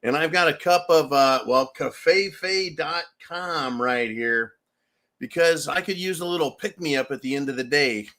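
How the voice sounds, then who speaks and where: A man hosting a livestream commentary show, talking in a loud, ranting way and laughing often. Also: fairly high pitch, measured pace. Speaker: show host.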